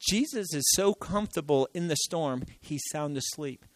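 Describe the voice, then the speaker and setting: A man preaching a sermon, swinging from loud exclamations to hushed, near-whispered lines and acting out quoted voices. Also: fairly high pitch, expressive, moderate pace, low-quality recording. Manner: acts out quoted voices, laughs between lines.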